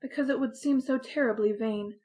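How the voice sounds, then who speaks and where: High-voiced woman reading a diary story. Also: normal speed. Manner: earnest, expressive diary-style reading. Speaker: audiobook narrator. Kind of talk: first-person story reading.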